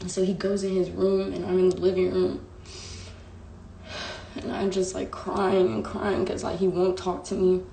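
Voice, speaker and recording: Gravelly young woman telling a story. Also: fairly low pitch, monotone, unhurried, pauses often, dark tone, a little hiss or hum. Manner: emotional, slangy, rambling with many fillers. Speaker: vlogger. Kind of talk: casual storytime. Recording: echoey room.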